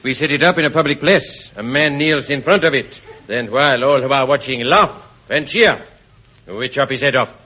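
A man's voice: medium pitch, normal speed, sharp tone. Chauvelin, a leering comic Frenchman. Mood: scheming. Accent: put-on comic French. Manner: leering, punning, theatrical. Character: lecherous scheming French revolutionary envoy, male. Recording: muffled old broadcast, hiss, audience laughter.

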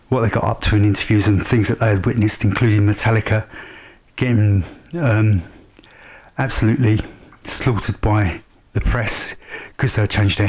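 A man, casually and enthusiastically telling a rambling story to the camera, with frequent fillers. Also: fairly low pitch. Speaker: vlogger.

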